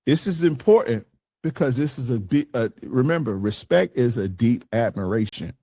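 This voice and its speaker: A man's voice: mid-range voice, lively intonation, moderate pace, warm tone, husky, no room sound. Blunt cussing dating coach guy, aave, dry close sound. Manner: blunt, profane, emphatic. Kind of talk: casual coaching talk to a group.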